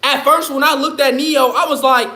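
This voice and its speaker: A man's voice: very high-pitched, fairly even intonation, normal speed, sharp tone. A man ranting on his livestream in a loose, profane, rambling way, laughing often. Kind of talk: casual livestream rant. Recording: echoey room.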